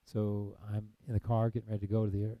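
A man's voice: lowish voice, monotone, fast talker, no room sound, phone-quality sound. A man in missionary work telling his personal faith testimony in an earnest storytelling way, acting out past conversations between frequent fillers. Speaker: missionary ministry leader.

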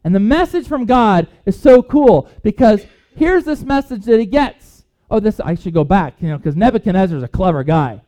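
A man preaching an informal sermon, reading scripture and retelling the story with lively acted-out quotes. English is not his first language. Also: high voice, moderate pace, hardly any pauses. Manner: animated storyteller, acts out quotes, chuckles.

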